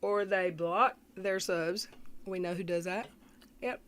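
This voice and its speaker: A chatty woman hosts a casual live commentary stream. She greets viewers by name and reads their comments aloud, clearing her throat now and then. Her voice sits a little low. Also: fairly even intonation, slow, fairly bright tone. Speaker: commentary livestream host.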